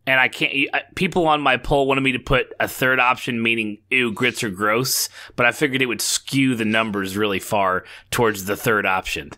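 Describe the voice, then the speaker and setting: A man co-hosting a podcast, telling stories in a rambling, profane and animated casual chat. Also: medium pitch, a little fast, few pauses. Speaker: podcast co-host.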